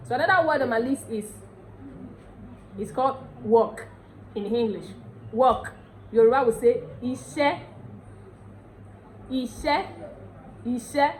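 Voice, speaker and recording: A woman with a Nigerian accent teaching a casual language lesson, repeating words slowly and often checking that viewers follow. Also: fairly high pitch, a little mellow, slight background noise, low-quality recording.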